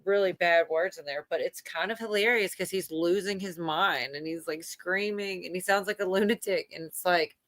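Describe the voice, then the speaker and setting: A woman host chatting casually on a late-night livestream, wandering from point to point with lots of ums and likes and frequent laughter. Her voice sits a bit low and the sound is close and dry. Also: moderate pace, hardly any pauses, fairly bright tone, dry recording. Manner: rambling, laughs often, many fillers. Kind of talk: casual chat.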